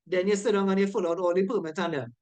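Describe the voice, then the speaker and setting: A woman's voice: on the low side, fairly even intonation, fast, a little mellow. A woman teaching a safety course, emphatic and checking often that her students follow. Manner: emphatic, keeps asking "right?" to check understanding. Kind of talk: online lecture going over quiz answers.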